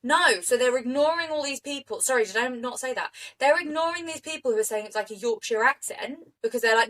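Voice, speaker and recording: A woman co-hosting a podcast, telling a true crime story in an animated, indignant way. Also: sits high, fairly quick, few pauses, low-quality recording. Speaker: podcast co-host.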